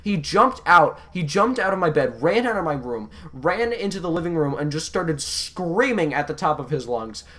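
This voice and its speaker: A young man hosting a podcast, telling stories in a casual, profane and animated way that swings from mumbling to yelling. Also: on the high side, normal speed, hardly any pauses. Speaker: podcast host.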